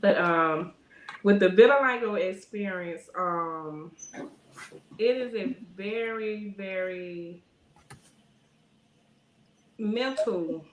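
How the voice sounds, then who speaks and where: A woman's voice: medium pitch, very slow, long pauses, a little hiss or hum. Woman, rambling, roomy call. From Alabama. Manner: rambling, frequent "you know" fillers; animated when telling stories. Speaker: guest. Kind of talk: casual interview chat.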